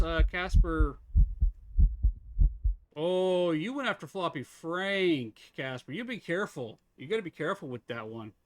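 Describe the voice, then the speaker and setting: A man's voice: fairly high pitch, no room sound. A man streaming a game live, chatting casually with viewers, teasing them and laughing often.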